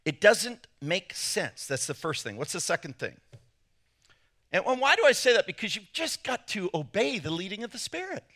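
Animated, bright-voiced male preacher. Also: sits high, moderate pace. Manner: animated storytelling, acting out quotes with sudden loud jumps. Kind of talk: sermon with personal anecdotes.

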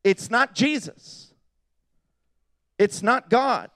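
Man, preacher, sermon, high voice, passionate, loud-then-hushed delivery, dry close recording. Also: expressive, very slow, no room sound. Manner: passionate, swinging from loud appeals to hushed asides.

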